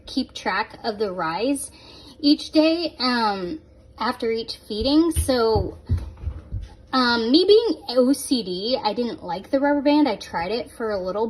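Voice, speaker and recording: A woman talking casually to her phone camera at home in a chatty, giggly, self-mocking way. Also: a little high. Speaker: vlogger.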